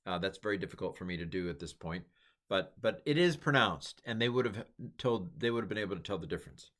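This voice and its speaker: Middle-aged man, lowish voice, casual rambling lecturer with lots of fillers. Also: animated, fast, a bit bright. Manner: rambling, self-deprecating, many fillers. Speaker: teacher. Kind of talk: informal lecture.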